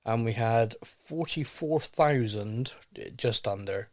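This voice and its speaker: A man hosting a podcast in a relaxed, jokey way, rambling and talking straight to his listeners. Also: mid-range voice, slow pace. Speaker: podcast host. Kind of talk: casual podcast chat.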